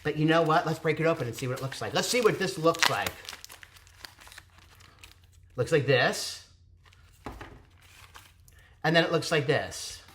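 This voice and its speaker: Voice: medium pitch, expressive, measured pace, long pauses, a bit bright, slight background noise. An adult vlogger giving a casual, chatty review of a local show, gushing and digressive, with theatrical asides. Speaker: theatre reviewer hosting own channel.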